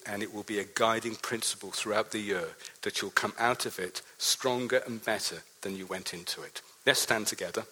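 A man's voice: on the low side, sharp tone, slightly rough. A man preaching a sermon as a pastor, emphatic, leading the congregation in reciting a verse. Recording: long hall reverb.

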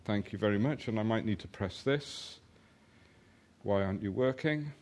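A man preaching a sermon, telling a personal story and then reading scripture, slowing down to stress key points. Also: fairly low pitch. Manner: animated storytelling, slows for emphasis.

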